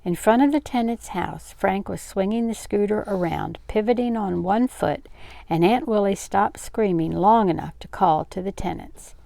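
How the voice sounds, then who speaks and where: Gravelly older woman reading a novel. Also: medium pitch, moderate pace, mellow, no echo. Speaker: read-aloud host.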